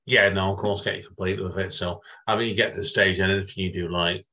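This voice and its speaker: Rambling low-voiced male host. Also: steady tone, fast, sharp tone. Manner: rambling, repeats himself, many restarts. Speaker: interview host. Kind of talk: casual interview chat.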